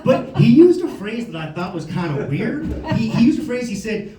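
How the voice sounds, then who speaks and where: A man doing a stand-up comedy set on a club stage, animated and slipping into silly voices for the people in his stories. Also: high voice, moderate pace, noisy background. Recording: roomy club sound from a distance.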